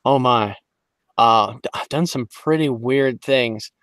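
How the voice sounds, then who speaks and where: A man from Detroit, a voice actor guest on a podcast, telling lively stories in casual chat and slipping into quick voices. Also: medium pitch, crowd noise. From Detroit, Michigan. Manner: animated storyteller, slips into quick voices.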